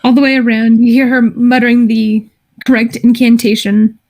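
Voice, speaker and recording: A woman narrating a tabletop game as game master, in a descriptive, halting way with frequent restarts. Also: on the high side, little pitch movement, a little mellow.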